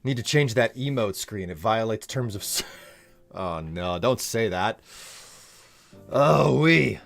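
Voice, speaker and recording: A man's voice: fairly low pitch, unhurried, soft background music. A man streaming live, chatting casually in a rambling, chuckling, self-deprecating way.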